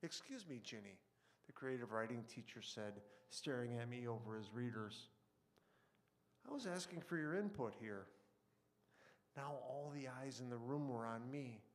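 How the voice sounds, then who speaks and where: A man in a broadcast studio reading a short story he wrote, with relaxed, conversational asides and filler words between passages. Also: mid-range voice, moderate pace. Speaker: author reading his own fiction. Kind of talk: live fiction reading with casual asides.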